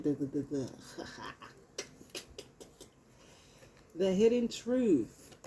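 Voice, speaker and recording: A woman's voice: sits low, warm tone, slight background noise, rough recording. A woman giving a casual tarot reading into her phone, blunt and profane, hammering points home with repetition. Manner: blunt and profane, emphatic repeats. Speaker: tarot reader.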